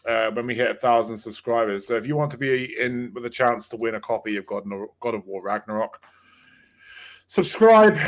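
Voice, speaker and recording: A man hosting a casual gaming podcast, swearing freely and wrapping up the show with shout-outs. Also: on the low side. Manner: loud, swearing, upbeat sign-off. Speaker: podcast host.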